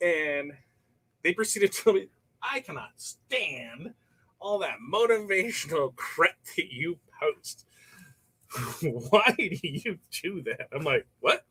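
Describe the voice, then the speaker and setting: A man's voice: fairly high pitch, fairly bright tone, breathy edge, rough recording. Chatty man hosting a craft livestream. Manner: chatty, rambling, laughs often, reads viewer comments. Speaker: livestream host. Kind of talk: casual livestream chat. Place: workshop while pressing shirts.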